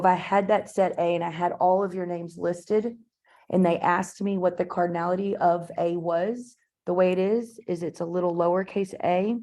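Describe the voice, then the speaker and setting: A woman lectures a math class in a classroom, her voice sitting a little low. She talks in a chatty, informal way, full of fillers and side remarks to the students. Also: dark tone. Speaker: math teacher.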